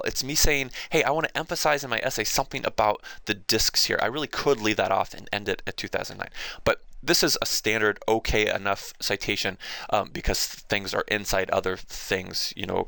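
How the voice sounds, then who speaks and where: A man teaching a casual, chatty lesson, quick and animated with playful asides. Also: lowish voice, gravelly, no echo. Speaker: writing teacher.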